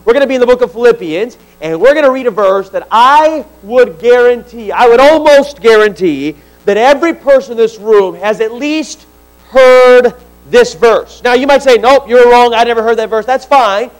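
A man's voice: very high voice, animated, normal speed, faint music behind, poor audio. A man preaching a sermon to a church congregation, talking conversationally and joking with the people in the room. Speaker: pastor. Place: church sanctuary.

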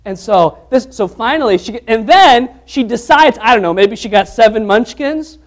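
A man with a strikingly high voice preaches to his congregation in a church. He talks like he is chatting with them, breaks into everyday stories and restarts his sentences as he goes. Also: normal speed. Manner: conversational, animated storytelling with restarts. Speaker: pastor. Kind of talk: sermon with humorous personal anecdote.

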